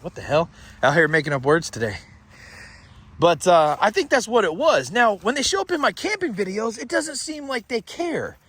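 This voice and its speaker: High-pitched and husky, with a sing-song lilt and a fairly bright tone, a man talks at a normal speed. He's a paranormal vlogger from Florida with a Southern country accent, chatting loosely, joking and swearing a lot. A companion records him on a phone camera.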